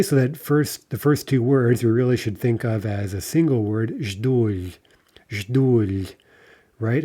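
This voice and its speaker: Man, teacher, mellow dark tone, mid pitch, explanatory lecture, fillers, slow careful recitation. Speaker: Russian language teacher. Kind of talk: lecture on poetry reading.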